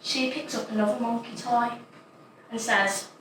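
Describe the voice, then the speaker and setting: A woman's voice: on the high side, steady tone, normal speed, natural voice. A woman playing a chatty little schoolgirl. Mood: innocent chatter. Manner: innocent, rambling, matter-of-fact. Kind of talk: dramatic monologue. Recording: echoey room, distant mic, noisy.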